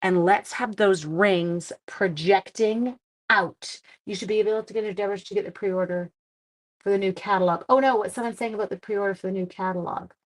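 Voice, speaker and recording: A woman's voice: medium pitch, steady tone, quick pace, poor audio. A middle-aged woman leading a live-streamed card-making demo, chatting casually and poking fun at herself as she works. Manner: chatty, self-deprecating, talks while working.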